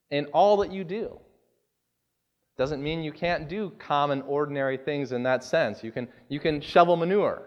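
Earnest higher-voiced male preacher. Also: highs cut off. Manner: earnest, deliberate, stresses key words. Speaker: pastor. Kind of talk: sermon with scripture reading.

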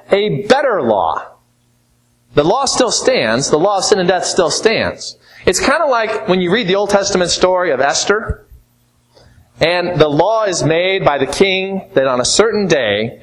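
Male preacher, slightly high voice, very animated intonation, earnest and emphatic teaching delivery. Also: rough recording. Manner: earnest, emphatic, wide swings between rising and falling phrases. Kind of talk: expository sermon.

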